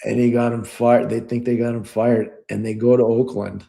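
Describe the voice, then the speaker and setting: A middle-aged man telling stories on a podcast, his voice gravelly and dark. He acts out the people he quotes and laughs as he goes. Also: medium pitch, little pitch movement, normal speed. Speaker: podcast co-host. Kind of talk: storytelling in casual chat.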